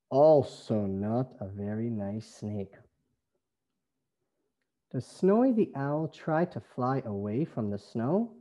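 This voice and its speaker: A man from Canada with a Canadian accent, an English teacher reading a phonics lesson slowly in a sing-song way. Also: mid-range voice, warm tone. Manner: slow, sing-song, stretched words.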